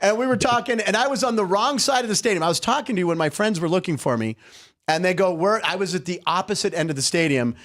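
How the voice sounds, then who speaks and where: A man's voice: sits high, fast. A man hosting a casual comedy sports podcast, laughing often and telling stories with energy. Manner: laughs often, animated storytelling. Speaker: host.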